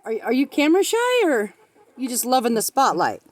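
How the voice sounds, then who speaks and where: With a high voice, wildly swooping pitch and a fairly quick pace, a woman films her poultry in a farmyard with pens as rain falls. It's a casual vlog in which this backyard keeper talks to her flock in a sing-song way and coos at them.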